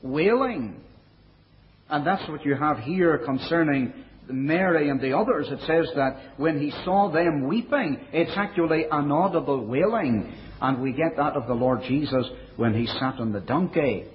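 A man preaching a sermon in a measured way, dropping his voice low and soft for quoted verses. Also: lively intonation, slight background noise. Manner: measured preaching, quoting scripture in older English. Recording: dull, lo-fi recording.

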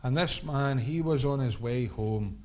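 A man's voice: mid-range voice, measured pace, crowd noise. A middle-aged man preaching an evangelistic sermon, building his points through impassioned, repetitive cadences.

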